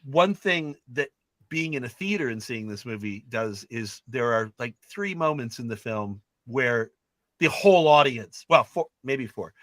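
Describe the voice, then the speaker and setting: A man's voice: mid-range voice, animated, a little slow, a bit bright, no echo. A man retelling film scenes in casual chat, acting out the characters' lines as he goes. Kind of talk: animated storytelling in casual chat.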